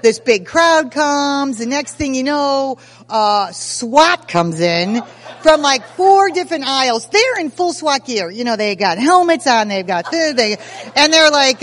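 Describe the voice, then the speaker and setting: A woman in her sixties gives personal testimony at a recovery meeting, her high voice carrying through a large hall. She's a lively, self-mocking storyteller who acts out scenes as she goes.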